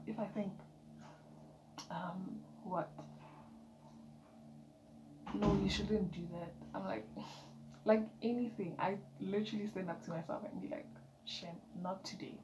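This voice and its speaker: A woman's voice: mid-range voice, fairly even intonation, unhurried, long pauses, highs cut off. Chatty woman in an echoey room. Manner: emphatic, chatty, with soft whispered asides. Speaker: vlogger. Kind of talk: motivational casual vlog talk. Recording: echoey room with background noise.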